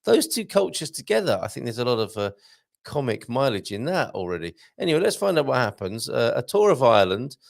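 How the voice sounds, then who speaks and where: A man hosts a live chat and talks casually. His pitch sits in the middle, but it swings widely as he reacts to each comment. His voice has a gravelly edge, and the sound is dry and close. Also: big pitch swings, fairly quick, dry recording. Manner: chatty, jokey, reads messages aloud with asides. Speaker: livestream host reading viewer comments.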